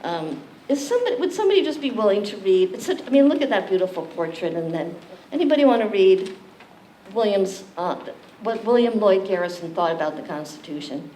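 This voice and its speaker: A woman's voice: medium pitch, fairly quick. A woman leading an interactive community library lecture, joking with the audience and quizzing them. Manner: animated, jokey, questions the audience. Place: library meeting room. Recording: echoey room, distant mic, faint hiss.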